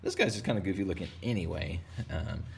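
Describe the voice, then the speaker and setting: A man's voice: low-pitched, animated, fast, gravelly, slight background noise. A man teaching a drawing lesson for kids, talking in a playful, rambling, jokey way as he draws. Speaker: art teacher.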